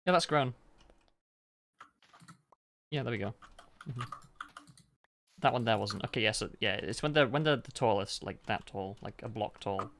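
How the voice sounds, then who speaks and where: A man streaming a video game, chatting in a relaxed, halting way and laughing easily. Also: lowish voice, slight background noise. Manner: relaxed, halting, chuckles often. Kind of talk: casual gaming chat.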